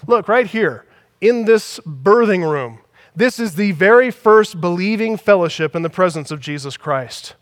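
A man's voice: sits high, normal speed. A man preaching a sermon as pastor, emphatic, building his points through repetition. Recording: long hall reverb.

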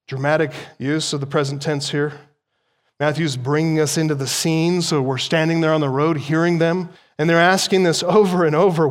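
A male pastor delivering a sermon in an animated preaching style, his voice rising for emphasis. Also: fairly high pitch, normal speed.

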